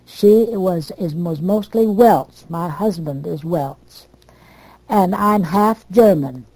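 An older American woman telling family stories from her past in a plain, unhurried way. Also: fairly low pitch, dark tone, no echo, low-quality recording. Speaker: storyteller. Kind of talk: oral history reminiscence.

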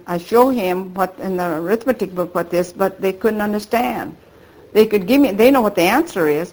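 A woman's voice: medium pitch, low-quality recording. An older woman whose first language is Japanese, rambling through a remembered story in an oral history interview and acting out the dialogue. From United States.

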